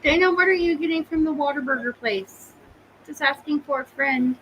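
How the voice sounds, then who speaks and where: A woman's voice: high voice, normal speed, dull audio, slight background noise. A woman from Oklahoma co-hosting a casual live podcast, teasing and laughing often. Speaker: podcast co-host.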